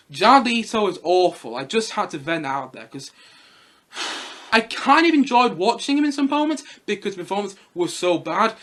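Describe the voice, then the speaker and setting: A man's voice: high-pitched, a bit bright. A man giving a casual, chatty film review, often repeating himself. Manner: chatty, repeats himself, mocks in put-on voices.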